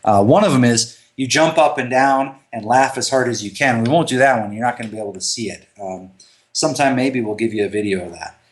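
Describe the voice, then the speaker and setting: A man co-hosting a podcast in casual chat, animated and laughing often as he guides listeners through a laughter exercise. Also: mid-range voice, fairly quick. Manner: animated, laughs often, retells scenes with raised voice. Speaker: podcast co-host.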